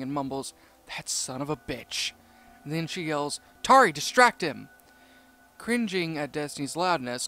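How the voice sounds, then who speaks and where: Man narrating a creepypasta, slightly high. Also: fairly bright tone.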